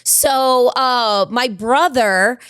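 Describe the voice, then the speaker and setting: A woman guest telling a family story in casual chat, animated and laughing, with many fillers. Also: on the high side, extremely slow, clear, resonant tone, no echo. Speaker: podcast guest.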